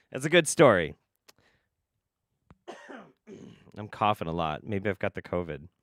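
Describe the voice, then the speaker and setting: Male streamer, casual and profane, very lively pitch, dry close mic. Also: takes it slowly, long pauses, no echo. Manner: animated, profane, laughs often. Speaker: livestream host. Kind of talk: casual livestream chat.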